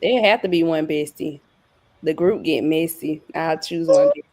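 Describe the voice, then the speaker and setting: A young woman, a new team member, chatting casually as a guest with short, relaxed answers. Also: low-pitched, normal speed, no room sound. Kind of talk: casual interview chat.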